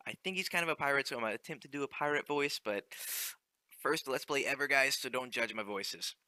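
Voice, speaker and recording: A young man narrates his own gameplay in a relaxed, joking way. He fills pauses with ums and talks straight to his viewers. His voice is sharp and bright, recorded dry and close. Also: mid-range voice, no echo. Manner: chatty, joking asides with many ums. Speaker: let's play host. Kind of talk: casual game commentary.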